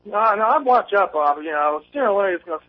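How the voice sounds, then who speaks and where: A man's voice: high-pitched, lively intonation, fast. Nervous, rambling male caller on a phone line. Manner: rambling, many fillers and restarts. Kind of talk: nervous call-in chat. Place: outdoors on a windy day.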